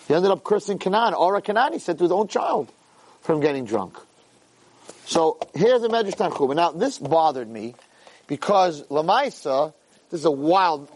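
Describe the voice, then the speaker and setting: A man, a rabbi, teaching a Torah class to a room of listeners, reading Hebrew source lines and translating them with lively asides. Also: a little high. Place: room with a live audience.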